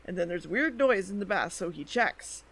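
A woman co-hosting a podcast, casually recapping anime episodes in a chatty way, full of "like" and "um" and quick quoted asides. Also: lowish voice, lively intonation, a bit bright. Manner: chatty, quoting characters in quick asides, lots of "like" and "um". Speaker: podcast co-host.

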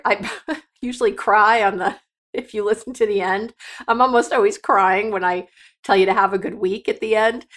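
A woman's voice: mid-range voice, fairly bright tone. A middle-aged woman hosting a solo podcast, talking straight to her listeners in a direct, coaching and emotional way. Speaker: podcast host.

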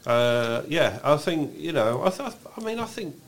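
A man's voice: a little high, sing-song, moderate pace. A man co-hosting a casual political chat podcast, musing with frequent restarts and rhetorical questions. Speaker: podcast co-host.

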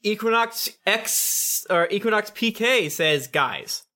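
A brash podcast host and game master reads through listener reviews, joking and swearing freely. The voice is bright and forward. The delivery is casual and quick-witted. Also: medium pitch, big pitch swings. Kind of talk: tabletop game narration and casual podcast chat.

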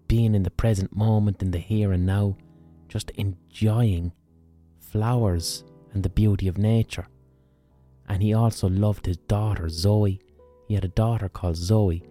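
An Irish man tells an old myth in a loose, colloquial way, swearing freely. His voice is low and very mellow. Faint music plays under him. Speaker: podcast host. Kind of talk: casual storytelling.

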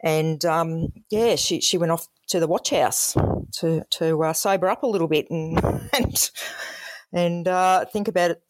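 Low-voiced Australian woman telling stories. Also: a little slow, no echo, studio quality. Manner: frank storytelling, acts out callers' voices. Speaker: former emergency call operator. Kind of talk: conversational podcast interview.

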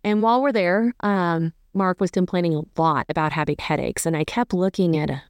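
A woman's voice: fairly low pitch, fairly quick, clear, resonant tone, no echo. A woman hosting a podcast, telling a personal story in a rambling, self-correcting way with fond emotion. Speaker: podcast host.

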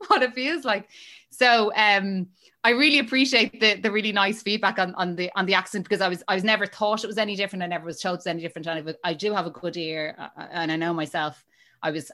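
Woman, thirties, podcast guest, casual chat, laughs often, slightly low voice. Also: fairly bright tone. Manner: chatty, laughs often, many restarts.

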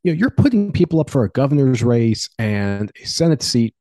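A man's voice: medium pitch, a little fast, no room sound. A man giving opinionated political commentary as a talk show guest, arguing his points with energy. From Pennsylvania. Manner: opinionated, animated argument.

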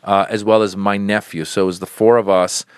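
Speaking a little fast in a smooth, low-leaning voice with little pitch movement, a middle-aged comedian rambles through stories as a podcast guest. He keeps restarting his sentences and occasionally performs the voices of the people he's quoting. The recording is dry.

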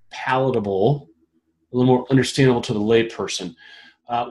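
A man's voice: mid-range voice, a little mellow. Amused man reading questions aloud. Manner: reads questions aloud with amused, laughing commentary. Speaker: podcast host. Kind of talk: casual roundtable discussion.

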